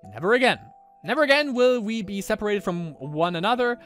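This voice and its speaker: A man putting on a higher voice to play a clingy, possessive young Roman noblewoman, pleading and theatrical. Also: sing-song, brisk, a bit bright, soft background music. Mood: worried.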